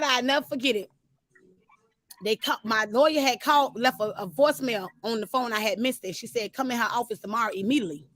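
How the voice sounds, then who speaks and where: A high-pitched woman speaking tells her own story in an animated, casual way and keeps calling out to her listeners. The sound is dry and close, with little room in it. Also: no echo. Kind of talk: casual testimony.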